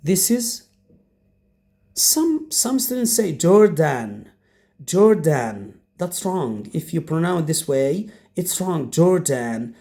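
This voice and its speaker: Slow, lively male teacher. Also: sits high, vocal fry. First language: Arabic. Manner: drills each word by repeating it several times; asks the class questions and answers them himself. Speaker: English teacher. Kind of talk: beginner language lesson.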